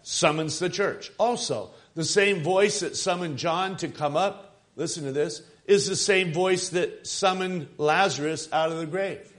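A man preaching a sermon, stressing phrases with swings of loudness and calling out questions to the congregation. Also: fairly high pitch, unhurried. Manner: emphatic, rising and falling for emphasis, calls out to the congregation.

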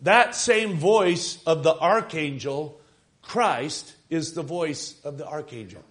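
A man preaching with a somewhat high voice. He presses key phrases, swells and drops his volume, and checks in with the congregation as he goes. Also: takes it slowly, fairly bright tone. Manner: emphatic, rising and falling for emphasis, calls out to the congregation. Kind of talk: sermon.

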